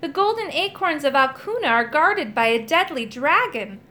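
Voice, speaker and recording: Reading a storybook, a woman voices a flustered, well-meaning, bumbling male wizard who frets and stammers in a worried mood. She pushes her voice high and bright, above her natural pitch, with big, exaggerated pitch swings at a moderate pace.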